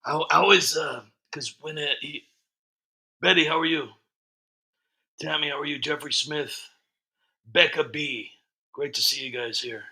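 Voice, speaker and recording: A man's voice: on the high side, steady tone, unhurried, long pauses, sharp tone, husky. A man hosting a casual livestream, greeting viewers and reading chat comments in a rambling way. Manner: rambling, frequent ums and restarts. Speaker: livestream host.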